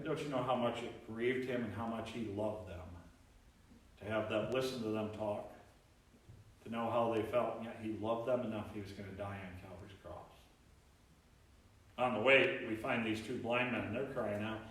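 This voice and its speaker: A man preaching a sermon as pastor, animated, acting out voices from the Bible story. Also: medium pitch. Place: church sanctuary. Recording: very echoey church, mic at distance.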